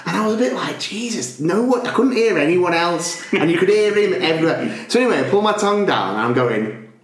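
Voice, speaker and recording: Animated man telling a story. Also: high voice, brisk, crowd noise. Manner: animated storytelling, laughs often. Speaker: podcast co-host. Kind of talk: casual chat. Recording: roomy echo.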